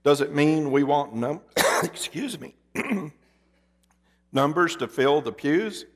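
A man preaching a sermon as pastor, moving between loud emphasis and hushed, dramatic pauses. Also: on the high side, animated. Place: church sanctuary. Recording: long reverb of a church hall.

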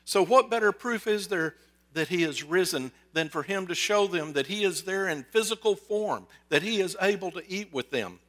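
A pastor preaching a sermon in a conversational, storytelling way, with jokes and asides. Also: male voice, high voice, expressive, moderate pace, fairly bright tone. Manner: acts out quoted voices.

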